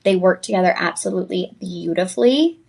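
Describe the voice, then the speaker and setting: A woman's voice: lowish voice, expressive, a little fast, creaky, darkish tone, husky. A tired woman hosting a live TV shopping presentation, chatty and effusive, talking straight to viewers. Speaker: shopping channel host.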